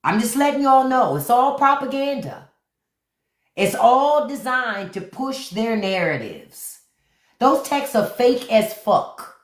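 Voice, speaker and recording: A woman's voice: a little high, big pitch swings, slow pace, echoey room. A woman hosting a livestream, giving blunt, profane commentary straight to her viewers and repeating key words for emphasis. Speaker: podcast host on a livestream.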